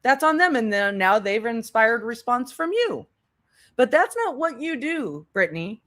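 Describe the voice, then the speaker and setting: A woman delivering blunt commentary with a sarcastic edge. She speaks slowly from a fairly high voice and talks straight to her target. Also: very animated, fairly bright tone. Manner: blunt, sarcastic, addresses the subject directly. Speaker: commentary youtuber. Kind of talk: commentary over clips.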